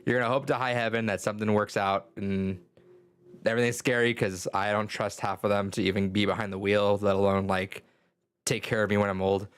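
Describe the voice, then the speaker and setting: Lower-voiced man telling rambling stories. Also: flat delivery, fairly quick, smooth. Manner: profane, rambling storyteller. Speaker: high school English teacher. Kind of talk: casual podcast chat.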